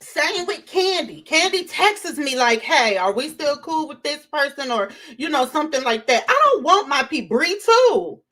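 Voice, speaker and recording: This livestream host is a woman whose high-pitched, fairly bright voice swings widely in pitch at a moderate pace with few pauses. Her casual, conversational talk is aimed right at viewers, full of repetition and name-by-name greetings to the chat.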